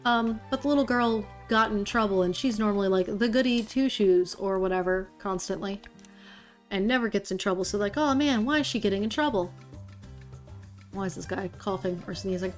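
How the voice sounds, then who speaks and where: A woman streamer talks through a video game in a loose, chatty way, filling pauses with "um" and "like" as she recaps the story. Her voice sits at an ordinary middle pitch. Soft music plays quietly underneath. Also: steady tone. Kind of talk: casual let's-play commentary.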